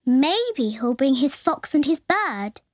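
A man's voice: very high-pitched, very animated, takes it slowly, voice pushed up, exaggerated voice. A man voicing a matter-of-fact young girl in a storybook reading.

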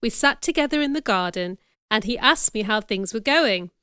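A woman reading a first-person audiobook chapter as narrator, in clear, measured storytelling. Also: a little high, lively intonation, bright, forceful tone, no echo, clean studio sound.

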